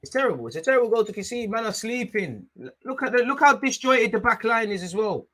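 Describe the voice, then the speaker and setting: A young man hosting a live football watchalong. He is excitable, shouts at the referee and drops to low mutters in between. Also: quick pace. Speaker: fan watchalong host.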